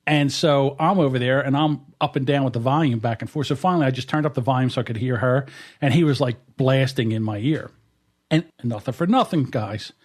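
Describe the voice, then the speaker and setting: A man hosting a casual podcast, talking into a studio mic in a voice of ordinary middle pitch. He tells stories in a blunt, rambling way. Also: fairly quick. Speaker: podcast host. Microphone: dynamic studio mic.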